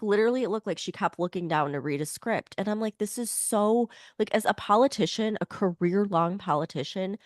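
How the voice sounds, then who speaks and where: A woman co-hosting a podcast talks in a blunt, opinionated way, full of "like" fillers. Her voice is on the lower side and sounds nasal and strained, as if she is unwell. The recording is close and dry, with no room sound. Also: no echo. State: voice strained from illness. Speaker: podcast co-host. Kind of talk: casual political chat.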